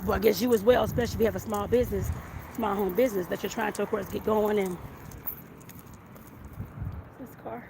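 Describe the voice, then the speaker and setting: With vocal fry, a steady mid-range voice, a slightly fast pace and long pauses, a southern Arizona woman vlogs on foot along a hot, sunny street. Slightly out of breath, the home baker and life coach rambles and repeats "like I said" and "I guess I put it that way." The audio carries loud wind and street noise.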